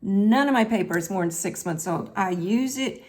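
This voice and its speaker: A woman's voice: medium pitch, normal speed, darkish tone. A woman with a Southern US accent hosting a chatty craft tutorial, talking straight to her viewers in a folksy way. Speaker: craft video host.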